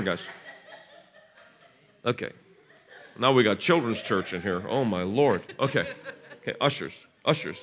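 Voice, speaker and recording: Lively, bright-voiced revival preacher man. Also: on the low side, a little slow, pauses often. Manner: bursts of shouting and laughter, gentle with children. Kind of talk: revival service ministry. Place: church sanctuary.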